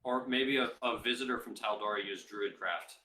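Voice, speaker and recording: A man's voice: fairly low pitch, normal speed, sharp tone, echoey room, slight background noise, rough recording. A man playing a tabletop game, thinking aloud and trailing off. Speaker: player. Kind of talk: casual tabletop role-play.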